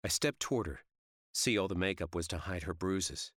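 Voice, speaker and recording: A man's voice: deep voice, normal speed, fairly bright tone, no room sound, clean studio sound. A man giving tense, vivid first-person audiobook narration.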